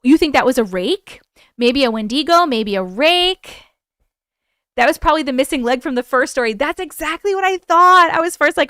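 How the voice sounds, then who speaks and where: A woman's voice: high voice, lively intonation, fairly quick, pushed and bright, smooth, dry recording, clean studio sound. A woman with a New York accent hosting a livestream, reading viewer stories aloud and chatting casually, swearing freely and laughing often. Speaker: livestream host.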